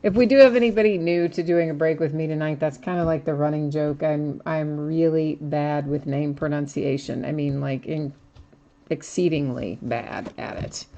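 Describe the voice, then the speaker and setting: A woman's voice: sits low, fairly even intonation, normal speed, vocal fry, warm tone, dull audio, a little hiss or hum. A woman hosting a live card break, chatting casually and reading out each card as she opens packs. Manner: chatty, laughs at herself, reads out card names. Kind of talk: casual live-stream commentary while opening cards.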